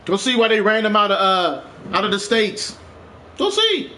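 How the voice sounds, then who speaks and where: A man's voice: sits high, steady tone, normal speed, pushed and bright. A man streaming a game live, ranting with passion, repeating himself and swearing. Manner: impassioned, repetitive, swears, rising to urgent.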